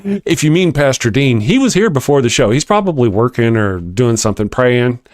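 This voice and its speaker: A man's voice: medium pitch, very animated, moderate pace, dry recording, clean studio sound. A man with a Texas accent hosting a casual livestream, reading viewer comments and joking with frequent laughs. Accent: Texan. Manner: chatty, laughs often, joking asides. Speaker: livestream host.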